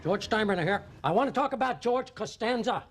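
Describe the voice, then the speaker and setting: George Steinbrenner, rambling blustery boss. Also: male voice, sits high, animated, brisk, faint music behind. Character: rambling blustery male baseball team owner, boss. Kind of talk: sitcom acting.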